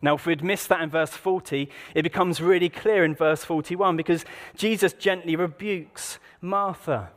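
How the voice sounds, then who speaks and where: A man preaching in a relaxed, conversational way, fairly high in pitch, often turning to the congregation with rhetorical questions. His voice carries a long reverb, as in a large church hall. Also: normal speed, few pauses. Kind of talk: sermon.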